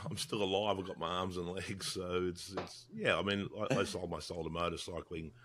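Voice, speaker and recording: A man's voice: low voice, fairly quick, noisy background. A man in his sixties with an Australian accent, a podcast guest talking bluntly and profanely over a video call, laughing often. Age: 60s. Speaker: podcast guest, motorcycle writer. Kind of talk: casual video-call chat.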